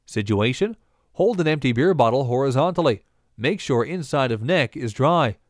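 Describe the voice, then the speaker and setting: A man reading scripted bartending instruction and bar jokes in a deadpan, joke-telling manner. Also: medium pitch, moderate pace, no echo, clean studio sound.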